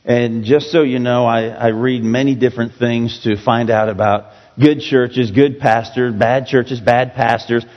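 A man's voice: medium pitch, steady tone, a little slow, few pauses. A man preaching a sermon as pastor, in a loose, conversational way that pokes fun at himself. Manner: conversational, self-joking preaching. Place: church sanctuary. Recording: dull echoey hall recording.

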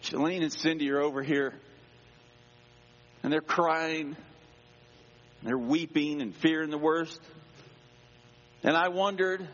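A male pastor telling a personal story in a sermon, dramatic, dropping to a hush and rising again. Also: fairly high pitch, fairly even intonation, takes it slowly, pauses often. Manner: dramatic, swings between hushed and raised voice. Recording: dull sound with long hall reverb.

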